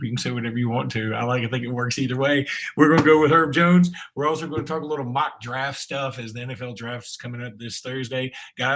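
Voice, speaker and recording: Slight background noise accompanies this sports podcast co-host, whose medium-pitched voice is a bit bright. He talks casually and meanders, with repeated restarts and filler words.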